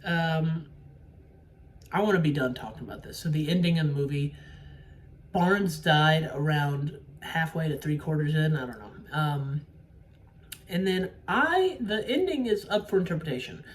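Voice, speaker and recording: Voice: mid-range voice, lively intonation, measured pace. A casual vlogger recapping a movie's ending with spoilers, rambling and swearing, often sidetracked. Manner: rambling, profane, easily sidetracked. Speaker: solo movie reviewer. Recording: distant mic with faint room noise.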